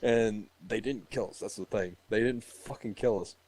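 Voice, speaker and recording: A man's voice: lowish voice, normal speed, slightly rough. A man casually telling a story among friends, swearing freely and laughing often. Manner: profane, animated, laughs often.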